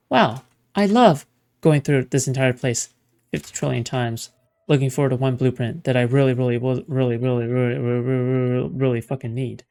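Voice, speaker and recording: A man's voice: medium pitch, fairly even intonation, a little fast, a little mellow. A man streaming a game live, ranting sarcastically and swearing as he plays. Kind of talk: live gameplay commentary.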